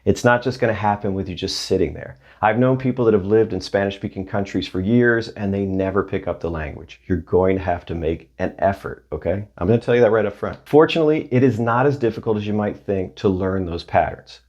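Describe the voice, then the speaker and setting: A man's voice: on the low side, fairly quick, hardly any pauses, a little mellow, highs cut off. A man teaching a video language lesson, upbeat and asking the viewer questions as he goes. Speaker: Spanish teacher.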